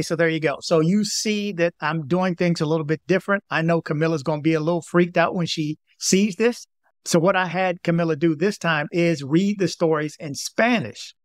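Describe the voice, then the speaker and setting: A man's voice: a little high, no echo, studio quality. A man from Washington, D.C., hosting a news vlog, talking casually and rambling straight to his viewers, often repeating himself. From Washington, D.C., United States. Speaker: vlog host. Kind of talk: casual direct-to-camera talk.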